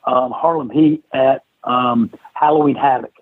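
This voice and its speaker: A man's voice: medium pitch, unhurried. A middle-aged man, a former wrestler, casually telling anecdotes as a podcast guest and acting out what others said. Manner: animated anecdote-telling, acts out others' lines. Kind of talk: casual storytelling interview. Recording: tinny phone-like line, dry.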